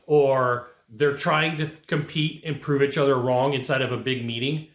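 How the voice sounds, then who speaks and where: A man's voice: medium pitch, steady tone, normal speed, few pauses, reverberant. A man hosting a career advice channel, talking directly and repetitively with emphatic rhetorical asides. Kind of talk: casual advice monologue.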